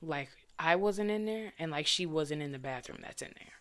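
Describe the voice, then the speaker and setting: A woman's voice: sits low, expressive, moderate pace, fairly bright tone. A young adult woman vlogger telling a frustrating personal story in a blunt, profane, casual monologue full of indignant questions. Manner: vents with indignant rhetorical questions.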